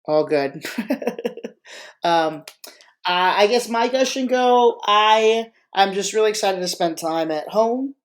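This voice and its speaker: A freelance marching arts choreographer hosts a casual live podcast, speaking slowly in a mid-range voice. The talk rambles, jokes, and keeps interrupting itself with plenty of restarts.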